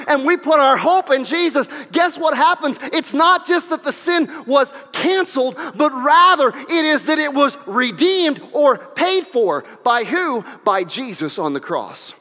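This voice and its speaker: A man preaching with a very high, bright and forceful voice that rings out in the long reverb of a large hall. He drives his sermon with animated, shouted peaks and quick whoops, then drops back to plain talk. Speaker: pastor.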